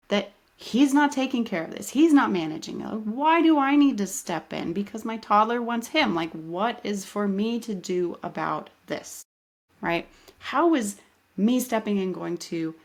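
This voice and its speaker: Animated woman coach talking through a podcast. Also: mid-range voice. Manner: animated, conversational, peppered with "right?". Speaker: life coach and podcast host. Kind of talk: casual solo podcast talk.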